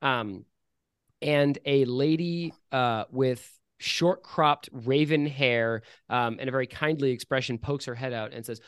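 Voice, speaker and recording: A man's voice: medium pitch, measured pace, fairly bright tone, clear, resonant tone, no echo, studio quality. A man running a tabletop game as game master, narrating scenes in a playful, easygoing way.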